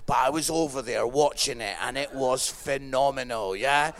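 A man's voice: lively intonation, moderate pace, hardly any pauses, fairly bright tone. A man preaching a humorous sermon in a chatty way, often asking "yeah?" and acting out what people say. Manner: acts out quoted voices, dropping low for the kids and listeners.

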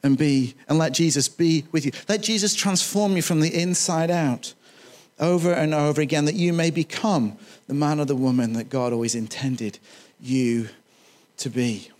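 A male pastor preaching a sermon in a church, chatty and animated, with humorous asides to the congregation. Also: on the high side, moderate pace.

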